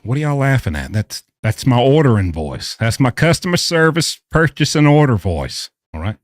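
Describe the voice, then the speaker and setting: A man's voice: mid-range voice, sing-song, normal speed, no echo, studio quality. A man chatting casually and playfully with his live-stream audience. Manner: playful, joking banter with chat. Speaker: livestreamer.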